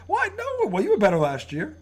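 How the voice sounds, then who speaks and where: A man co-hosting a casual sports talk show, animated and profane, often trailing off and restarting. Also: very high voice, brisk, husky.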